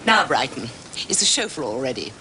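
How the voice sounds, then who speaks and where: A woman's voice: very deep voice, sing-song, brisk. An actress playing a bossy lady giving orders to her butler and husband in a comedy sketch. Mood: imperious. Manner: imperious, plummy upper-class diction. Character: bossy upper-class English lady of the manor.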